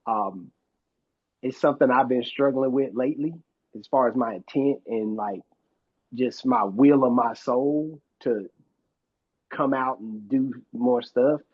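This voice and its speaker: A man's voice: medium pitch, unhurried, breathy edge. A man hosting a podcast in casual conversation, talking in a reflective way. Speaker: podcast host. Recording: slightly dull lo-fi sound.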